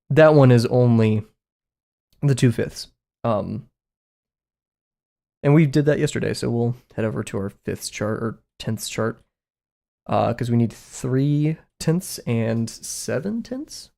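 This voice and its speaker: A man's voice: medium pitch, measured pace, gravelly, pauses often, dark tone. A young man chatting casually to his viewers while drawing on a live stream, rambling and poking fun at himself. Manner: rambling and self-mocking, talks to chat. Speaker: art streamer.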